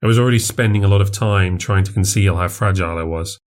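Male podcast narrator, low register, first-person horror tale, unshowy confessional delivery. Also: fast talker. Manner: confessional, plainspoken.

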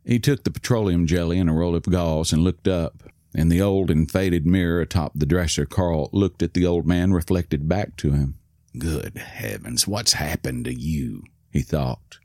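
A man narrating a story in a calm, measured reading. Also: sits low, dry recording, studio quality. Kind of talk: scripted narration.

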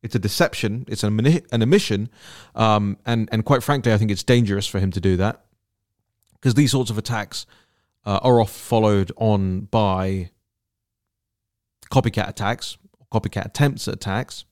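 A man with a fairly low voice hosts a political commentary podcast on his own, in an indignant and emphatic tone. He often repeats words for stress as he builds his case. The sound is dry and close, with no room echo. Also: moderate pace, a little mellow.

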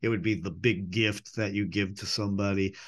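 A man hosting a podcast, talking in a casual, rambling way, often correcting himself and filling pauses. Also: fairly low pitch, steady tone. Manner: rambling, chatty, self-correcting with many fillers. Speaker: podcast host.

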